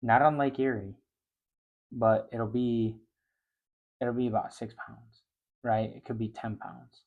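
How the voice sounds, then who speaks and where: A middle-aged man telling a fishing story in a relaxed, chatty way. His voice sits at an ordinary pitch for a man. When the story gets exciting, it jumps up loud and high. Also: measured pace, narrow, tinny audio. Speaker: fishing show host. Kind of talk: casual storytelling.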